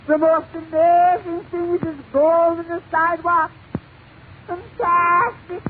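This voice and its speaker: A male comedian voicing a newly arrived immigrant man, amazed at everything in a high, drawn-out, near-weeping voice. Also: fairly even intonation. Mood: awestruck. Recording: tinny lo-fi 1940s radio broadcast with faint hiss.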